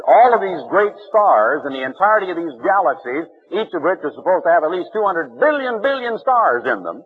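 A man's voice: a little high, lively intonation, brisk, hardly any pauses, breathy edge, faint music behind. A man preaching an impassioned radio sermon, his voice swinging widely and rising in emphasis. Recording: muffled old radio broadcast.

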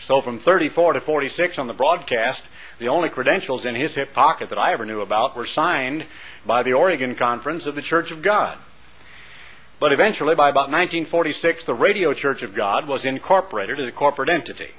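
A man preaches a radio sermon in a bright, forceful voice, captured on a muffled lo-fi broadcast. He swings between loud emphatic lines and quiet, murmured asides. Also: mid-range voice, animated, fairly quick, slightly rough.

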